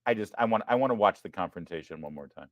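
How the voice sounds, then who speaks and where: Animated joking male show host. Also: fairly low pitch, fast talker, dry recording, dull audio. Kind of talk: live online commentary show.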